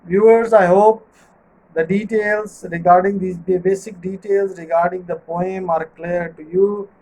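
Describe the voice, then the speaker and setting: Male lecturer, slow and methodical, rephrases everything for students. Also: high-pitched, steady tone, a little mellow, rough recording. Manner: measured, repeats and rephrases points. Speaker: literature teacher. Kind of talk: recorded online lecture.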